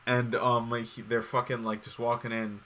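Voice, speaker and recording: Rambling, foul-mouthed man with a bright voice. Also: medium pitch, level tone, normal speed, slight background noise. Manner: rambling, profane, full of fillers and restarts. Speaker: podcast host. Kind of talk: casual chat.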